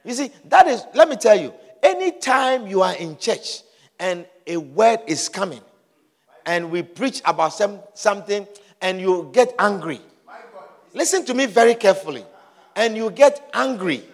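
High-pitched preacher man, repeats stuff, shouts it out, big echoey hall. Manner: emphatic, repeats phrases, bursts into shouts. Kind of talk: sermon.

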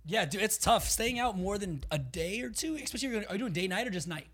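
A man co-hosting a podcast in casual chat, teasing quickly and laughing often. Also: sits high, animated, a bit bright, breathy edge. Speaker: podcast co-host.

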